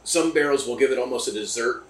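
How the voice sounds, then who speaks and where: A man's voice: mid-range voice, fast. Enthusiastic man hosting a distillery tasting. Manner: enthusiastic, joking, rambling. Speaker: host. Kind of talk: casual tasting chat. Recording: roomy, from a distance.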